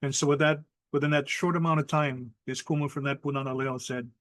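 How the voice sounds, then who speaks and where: A middle-aged man with a Hawaiian accent, telling a traditional ghost story in lively spoken style, mixing in Hawaiian words and acting out voices. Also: mid-range voice, a little fast, no room sound. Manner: animated, acts out quoted voices, mixes in Hawaiian words. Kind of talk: oral storytelling.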